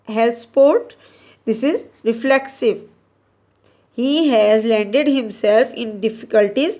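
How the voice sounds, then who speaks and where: Slow, deliberate woman teaching grammar. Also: fairly high pitch, a little mellow. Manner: slow and deliberate, with frequent restarts and self-corrections. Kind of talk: reading out and explaining grammar exercises. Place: Pakistan.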